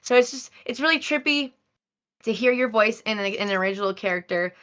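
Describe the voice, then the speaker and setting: Bright, effusive woman voice actor. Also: on the high side, expressive, fairly quick, dull audio. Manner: effusive, laughing, self-deprecating. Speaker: voice actor guest. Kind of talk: casual interview chat.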